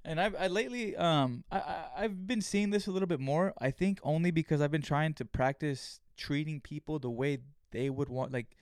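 A man's voice: fairly high pitch, moderate pace, hardly any pauses, a little mellow, clean tone, dry recording, studio quality. A man hosting a solo podcast, talking in a casual, rambling way with lots of swearing, fillers and restarts. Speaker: podcast host.

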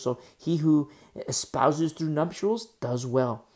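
Gravelly-voiced man preaching a sermon. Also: on the high side, slow, darkish tone. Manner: teaching verse by verse, repeating key phrases for emphasis; asks the listeners rhetorical questions. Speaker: pastor.

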